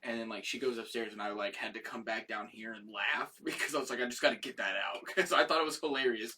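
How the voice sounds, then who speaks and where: A man's voice: mid-range voice, fairly even intonation, fast talker, sharp tone, slightly rough, distant mic. A man co-hosting a casual live talk show, telling family stories with laughs and casual swearing. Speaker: podcast co-host. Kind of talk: casual chat. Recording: voice from off the mic.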